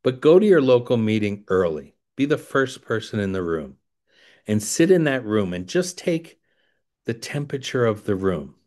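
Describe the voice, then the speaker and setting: A man's voice: on the low side, sing-song, normal speed, darkish tone. A man giving a rambling storytelling talk to a recovery audience, digressive and self-deprecating with wry asides. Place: indoors by a window.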